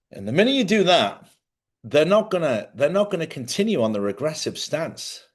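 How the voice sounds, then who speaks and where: A man with a fairly high, very animated voice hosts a live spiritual talk show from a studio at a moderate pace. In a casual live-stream style, he rambles conversationally, repeats himself, and keeps checking in with listeners by asking "yeah?"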